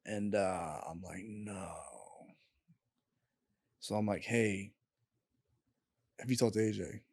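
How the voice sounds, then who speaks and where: A young man, a podcast guest, telling a painful personal story in a candid, halting way and swearing freely. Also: fairly low pitch, a little mellow, dry recording, studio quality. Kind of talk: casual storytelling.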